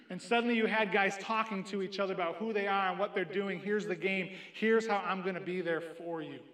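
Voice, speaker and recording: A young adult man preaching a sermon, telling a personal story in an earnest way and quoting others in lively asides. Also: high-pitched. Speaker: pastor. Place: church sanctuary. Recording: echoey church room.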